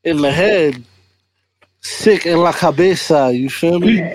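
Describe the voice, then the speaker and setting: A man with a slightly high voice leads a podcast in a loose, joking way. He keeps tacking on "you feel me" as he talks and reads out listener messages. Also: animated, takes it slowly, dry recording. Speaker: podcast host. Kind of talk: casual chat.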